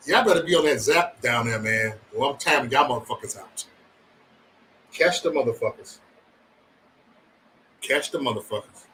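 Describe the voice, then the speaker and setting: A man's voice: mid-range voice, normal speed, long pauses, far from the mic, a little hiss or hum, poor audio. A man hosting a casual livestream, chatting loosely and profanely with his viewers. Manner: loose, profane, animated banter with chat. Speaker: livestream host.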